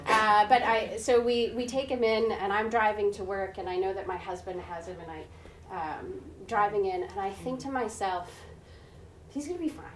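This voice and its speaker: Heard from afar in an echoey room, this forties-aged woman preacher speaks at normal speed in a mid-range voice, with slight background noise. Her sermon is chatty and built around a personal story, punctuated by frequent "right?" check-ins and voiced-out characters.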